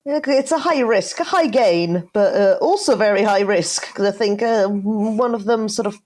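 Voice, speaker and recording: A woman's voice: mid-range voice, normal speed, a little mellow. A woman from Italy, whose first language is Italian, co-hosting a podcast in a casual, hesitant way and often repeating words. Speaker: podcast co-host. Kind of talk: casual educational chat.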